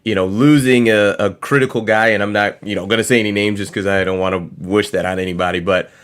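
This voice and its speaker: A man from Michigan co-hosting, giving measured sports analysis with hesitant fillers. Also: lowish voice, fairly even intonation, fairly bright tone, smooth. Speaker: co-host. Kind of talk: casual chat, sports analysis.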